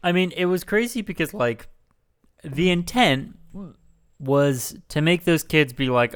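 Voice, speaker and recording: Podcast co-host, man, smooth resonant voice, dry sarcastic rambler, hiccuping. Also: fairly high pitch, measured pace, a bit bright. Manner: sarcastic, rambling with many fillers. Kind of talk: casual comedic podcast chat.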